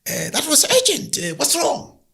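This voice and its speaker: Guy doing a spirit from a folk tale, way high and loud, impatient, brisk. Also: huge pitch swings, creaky, exaggerated voice. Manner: brisk, exclaiming.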